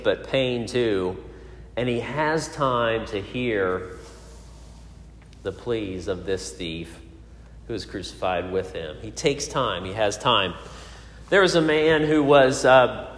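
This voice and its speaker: Preacher in a reverberant hall. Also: male voice, medium pitch. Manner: storytelling with frequent fillers and restarts. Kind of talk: sermon. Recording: echoey hall.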